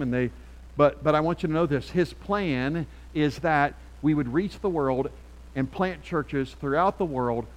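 A middle-aged man preaching a sermon as pastor, emphatic and swinging from quiet asides to loud calls. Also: mid-range voice, rough recording.

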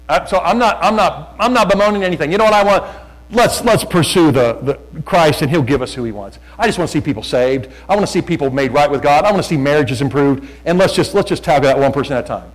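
A middle-aged man, a pastor, preaching in a conversational storytelling way, telling anecdotes with jokes and swinging between quiet asides and loud urging. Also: a little high, rough recording. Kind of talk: sermon.

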